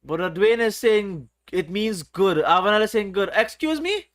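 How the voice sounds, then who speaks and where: A man's voice: high-pitched, expressive, measured pace, fairly bright tone. A man hosting a casual livestream, reading viewers' chat aloud in a playful, teasing way. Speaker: livestream host.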